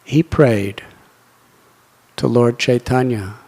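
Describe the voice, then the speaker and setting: A man, a monk teaching scripture, giving an earnest devotional sermon in a soft, fervent storytelling manner. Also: mid-range voice, slow. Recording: echoey hall.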